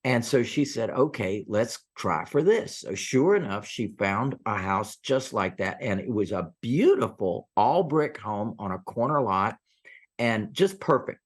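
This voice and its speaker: A man's voice: on the low side, a little slow, husky. A man in his sixties, a real estate investor guest, telling stories and acting out the quotes of people in them. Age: 60s. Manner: animated storyteller, acts out quotes. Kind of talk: storytelling interview.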